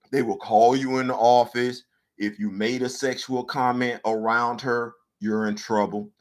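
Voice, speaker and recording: Telling a funny story on his talk show, this male podcast host is animated, dropping to low mutters, then bursting out loudly and repeating phrases to drive them home.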